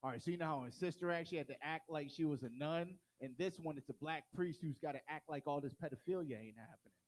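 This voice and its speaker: A man finishes a stand-up set on a small stage with hesitant, deadpan one-liners. His voice sits a touch high for a man. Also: quick pace. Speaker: comedian.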